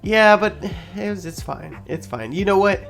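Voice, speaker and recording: Male podcast co-host, fairly high voice, blunt crude sidekick, faint music behind. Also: animated, normal speed, gravelly, a bit bright. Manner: chimes in with short agreements and crude jokes. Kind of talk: casual chat.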